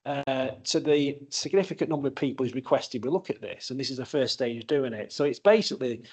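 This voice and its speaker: A man speaking as a councillor at a council meeting, earnest and measured, often saying "obviously" and "you know". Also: mid-range voice, a little mellow, breathy edge. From England. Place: council chamber.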